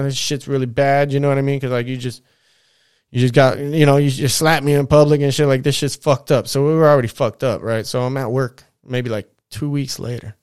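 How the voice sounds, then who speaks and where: A man's voice: medium pitch, a little mellow, clear, resonant tone, dry recording, studio quality. Profane laid-back storytelling man. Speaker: podcast storyteller. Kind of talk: casual storytelling.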